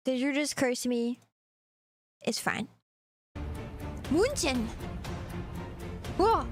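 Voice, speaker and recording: Woman streamer, high voice, unhurried, giggly, casual reaction chat, music playing behind. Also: sing-song. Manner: giggly, sounding out place names. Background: background music.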